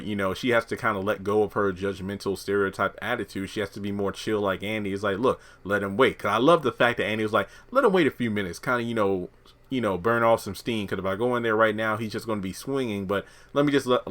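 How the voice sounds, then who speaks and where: A man's voice: lowish voice, a bit bright. A man giving a casual, slangy recap of a TV episode, acting out the characters' lines as he goes. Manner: chatty, slangy, acts out quotes from the show. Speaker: show reviewer.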